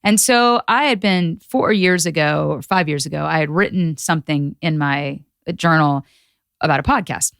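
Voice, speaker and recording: A woman guest on a podcast, chatting casually and acting out quotes with lively voices. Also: sits low, normal speed, creaky, clear, resonant tone, no echo, studio quality. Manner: animated storyteller acting out quotes. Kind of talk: casual chat.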